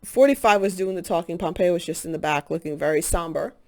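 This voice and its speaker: A woman hosting a spiritual channel, talking in an earnest, halting casual monologue with many pauses and fillers. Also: on the low side, darkish tone.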